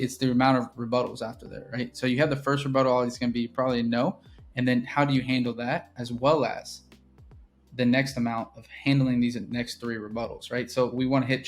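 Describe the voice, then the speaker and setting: A man's voice: mid-range voice, fairly even intonation, fairly quick, faint music behind. A man walking through his sales process in a casual teaching style, keeps checking in with "right?". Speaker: real estate business owner teaching sales. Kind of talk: casual instructional walkthrough.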